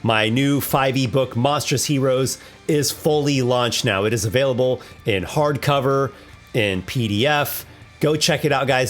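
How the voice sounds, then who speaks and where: A man hosting a tabletop monster battle, narrating with enthusiasm and thinking aloud over the dice rolls. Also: medium pitch. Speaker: host running a monster battle. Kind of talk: narrating a tabletop combat simulation.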